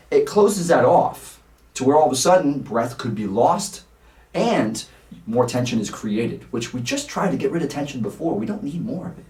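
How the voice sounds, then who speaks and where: A man's voice: mid-range voice, a little mellow. A man teaching a singing lesson, explaining vowels patiently and singing short vowel examples. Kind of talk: vocal lesson. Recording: roomy sound, mic at a distance.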